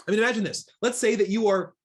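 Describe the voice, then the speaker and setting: A man's voice: sits high, steady tone, quick pace, slightly rough. A man from Seattle leading an online diversity workshop, emphatic and full of questions for his audience, talking into a computer mic. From Seattle, USA. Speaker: diversity trainer.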